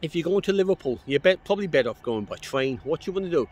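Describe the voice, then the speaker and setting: A man's voice: on the high side, lively intonation, fast, a little mellow, voice pushed up. A man putting on a to voice a helpful local male cyclist who keeps insisting on the train. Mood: insistent. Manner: keeps urging the train, calls everyone mate.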